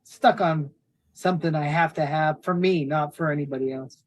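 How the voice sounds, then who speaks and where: A woman filmmaker talking casually in an interview, animated and acting out quotes from her shoot. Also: normal speed. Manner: animated, acts out quotes in high voices. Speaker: filmmaker guest.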